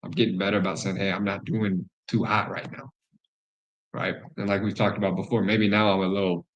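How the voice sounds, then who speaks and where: Male host, low voice, casual, open, swears freely, candid talk. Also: flat delivery, fairly quick, highs cut off. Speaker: podcast host. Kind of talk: candid podcast conversation.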